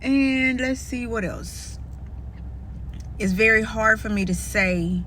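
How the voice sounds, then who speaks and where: A woman's voice: on the high side, takes it slowly, pushed and bright, a little hiss or hum. A woman vlogger talking candidly and casually to her viewers, calling them "y'all". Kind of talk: casual vlog chat to viewers.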